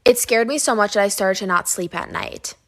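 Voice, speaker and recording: A woman's voice: medium pitch, brisk. A woman earnestly retelling a personal story. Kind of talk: casual storytime.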